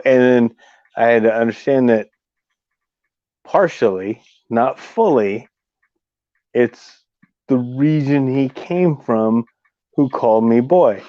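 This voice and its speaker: A man from California co-hosting a casual livestream chat, blunt and profane, telling animated stories. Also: mid-range voice, takes it slowly, long pauses, no echo, dull audio.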